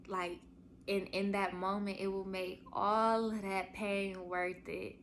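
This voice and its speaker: A woman's voice: mid-range voice, measured pace, a bit bright, a little hiss or hum. A young woman hosting a podcast, telling a heartfelt story in casual chat and calling her listeners y'all. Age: young adult. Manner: chatty, addresses listeners as y'all. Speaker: podcast host.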